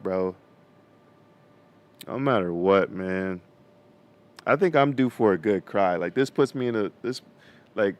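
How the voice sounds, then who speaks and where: Young male vlogger, casual faith talk, smooth low voice, slangy. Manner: casual slangy preaching with many fillers.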